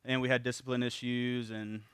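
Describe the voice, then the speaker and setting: A middle-aged man giving a casual, animated talk at a parenting seminar, often acting out what parents and kids say in a raised voice. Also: mid-range voice, moderate pace, smooth, no echo. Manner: animated, acts out parents' and kids' quotes in a raised voice; casual, with repeated words and restarts. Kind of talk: conversational teaching talk.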